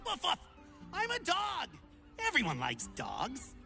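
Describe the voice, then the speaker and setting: An eager little male would-be adventurer from a video game, high and bright with a gravelly edge. He babbles theatrically in wide, swooping leaps of pitch. He takes his time over each exclamation. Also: huge pitch swings, slow pace, faint music behind, full character voice. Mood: excitable.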